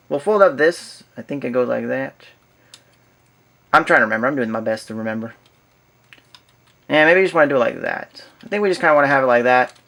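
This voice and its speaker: A man's voice: a little high, fairly bright tone. A man giving a casual hands-on toy review, rambling and thinking aloud as he goes.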